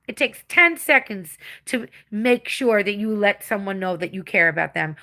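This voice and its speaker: A woman's voice: medium pitch, expressive, moderate pace, hardly any pauses, pushed and bright. A woman in her forties with an English accent, chatting bluntly and profanely to her livestream viewers, answering comments. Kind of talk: casual livestream chat.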